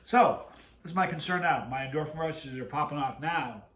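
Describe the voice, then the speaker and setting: A man's voice: fairly high pitch, normal speed, fairly bright tone, reverberant. A man hosting his video channel, telling a rambling story to the camera and cutting himself off mid-sentence. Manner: rambling, self-interrupting storyteller. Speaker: video host.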